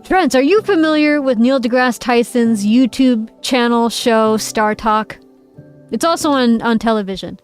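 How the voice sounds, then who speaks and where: Streamer, woman, high bright pitch, giggly casual chat, soft music bed behind. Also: a little slow, clean tone. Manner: playful and giggly, reads chat aloud. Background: faint background music.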